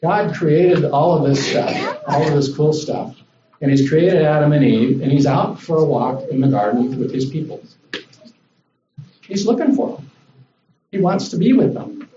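A man gives a sermon in an easy, conversational style, and his voice lifts when he acts out the lines he quotes. His tone is mellow and warm. The recording is a little dull and roomy, with faint ambience behind him. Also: a little high, unhurried, far from the mic, a little hiss or hum. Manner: conversational, animated when voicing God. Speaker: guest preacher.

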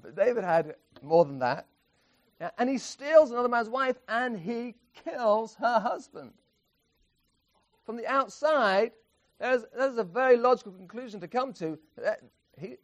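A man's voice: sits high, lo-fi sound. A man preaching an expository sermon, emphatic, often restarting phrases and chuckling.

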